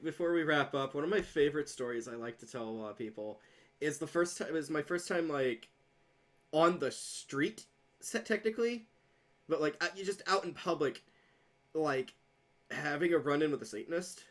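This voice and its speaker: A woman's voice: low voice, animated, moderate pace. A woman co-hosting a podcast who tells an anecdote in casual chat and acts out both sides of the dialogue, swearing freely. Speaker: podcast co-host.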